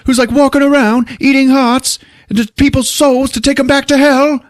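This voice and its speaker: A man voicing a gruff male police chief in a high, loud, mocking tone. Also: little pitch movement, normal speed, no echo, clean studio sound. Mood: incredulous.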